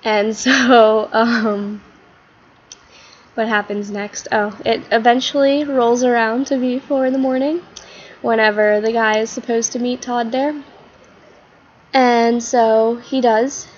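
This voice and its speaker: A woman's voice: on the high side, steady tone, slow. A woman vlogger telling a long, rambling story, chatty and full of "like" and "um". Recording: slightly muffled with faint hiss.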